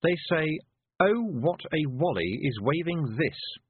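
A man's voice: mid-range voice, moderate pace, husky, no echo, phone-quality sound, voice pushed up. A man reading a sly, sweetly cool young witch girl. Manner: calm, sweetly sarcastic.

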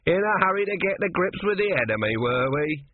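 A man voicing a cheery, bossy army sergeant who talks slowly and patronizingly, recorded with a tinny phone-like sound. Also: mid-range voice, very animated, a little hiss or hum.

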